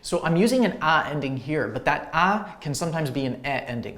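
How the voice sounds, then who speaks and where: A man's voice: on the high side, animated, fairly quick, few pauses, fairly bright tone. Man explaining grammar with many fillers. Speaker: language teacher. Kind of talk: explaining language grammar to camera.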